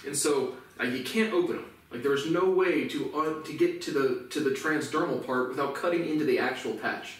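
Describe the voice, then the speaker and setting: Angry guy swearing up a storm to his cam, kinda high voice, super echoey room, sitting back from the mic. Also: normal speed, hardly any pauses. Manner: profane, indignant, repetitive. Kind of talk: angry ranting monologue to camera. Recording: echoey room, voice far from mic, faint noise.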